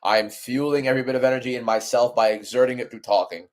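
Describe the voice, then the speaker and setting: A man's voice: medium pitch, fairly even intonation, quick pace, a little mellow. A young man streaming a fight watchalong, ranting in exasperation over a dull card. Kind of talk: live stream commentary.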